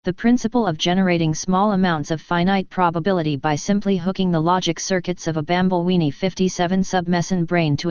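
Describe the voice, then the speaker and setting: A woman reading a radio script aloud, stage directions included, in a flat, even way. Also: fairly low pitch, clean tone, no echo, dull audio. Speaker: script reader.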